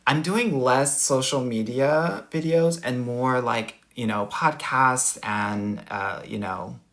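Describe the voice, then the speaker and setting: Male dating coach, middle-aged, Valley Girl accent, campy and sassy, unhurried delivery, live-stream chat. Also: mid-range voice, fairly bright tone. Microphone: phone or laptop mic, livestream.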